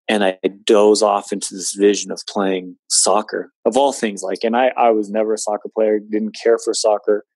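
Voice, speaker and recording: A man's voice: on the low side, flat delivery, normal speed, hardly any pauses, darkish tone, dry recording. A man in his late twenties earnestly recounting a personal story in conversation, with many fillers. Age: 20s. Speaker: guest telling his story.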